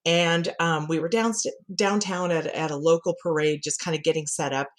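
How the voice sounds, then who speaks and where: Woman, middle-aged, communication coach, podcast guest, animated storyteller, laughs often. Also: low voice, normal speed. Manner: lively storyteller who laughs often and acts out quotes. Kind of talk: conversational podcast interview.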